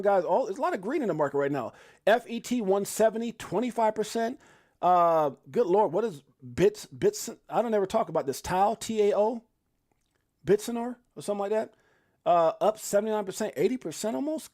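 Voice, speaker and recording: A man hosting a casual live stream, excitable and joking, often exclaiming as he runs through prices. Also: high-pitched, fairly quick. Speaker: crypto live stream host.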